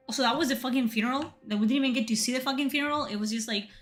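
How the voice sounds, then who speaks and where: A woman's voice: sits high, racing, soft background music. A Spanish woman streamer with a Spanish accent, giving sarcastic, profane, exasperated commentary on a video game. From Spain.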